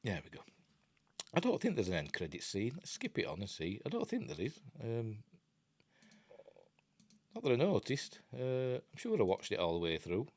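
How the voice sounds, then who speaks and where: A man's voice: mid-range voice, wildly swooping pitch, normal speed, long pauses, darkish tone, no echo. An older man with a Yorkshire accent, casually talking through a film review with rambling, self-interrupting chat and wry asides. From Yorkshire, England.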